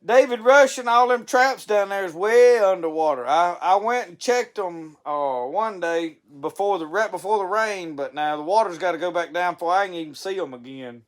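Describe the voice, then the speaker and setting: A man's voice: high-pitched, moderate pace, few pauses. A man, hosting a casual live stream, rambling in a folksy way with stammering restarts and chuckles. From Mississippi.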